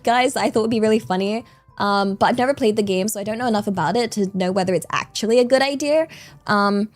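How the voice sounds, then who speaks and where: A woman's voice: mid-range voice, dry recording. A woman streamer chatting casually with her viewers, rambling along with lots of fillers and repeated yeahs. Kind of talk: casual live-stream chat.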